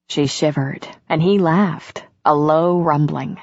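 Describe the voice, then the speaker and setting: A woman narrating a romance audiobook in a slow, intimate, even reading. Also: low-pitched, no echo. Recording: dull lo-fi audiobook recording.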